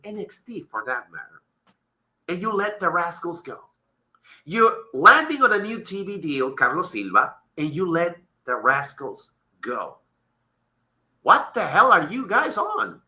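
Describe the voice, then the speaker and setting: Host, male, high and very bright voice, profane heated rants. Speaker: podcast host. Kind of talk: wrestling talk show.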